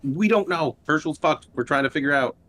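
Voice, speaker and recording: A man's voice: on the high side, a little fast, bright, forceful tone. A man speaking casually as a player in a tabletop game, hesitant and swearing.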